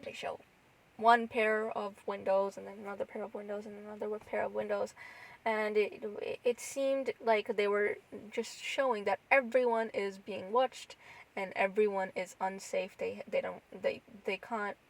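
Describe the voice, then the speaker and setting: A woman's voice: medium pitch, steady tone, normal speed, gravelly, poor audio. A woman co-hosting a podcast, chatting casually and rambling with lots of restarts and fillers. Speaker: podcast co-host. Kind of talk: casual chat.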